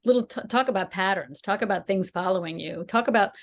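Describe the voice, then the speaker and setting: A woman's voice: medium pitch, quick pace. A woman co-hosting a podcast, telling a personal story in casual chat and acting out the quotes with animation. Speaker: podcast co-host.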